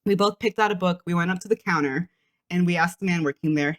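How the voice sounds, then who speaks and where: A woman co-hosting a craft podcast, telling a story in a chatty way with quick asides and frequent laughter. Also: on the low side. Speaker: podcast co-host. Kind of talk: casual chat.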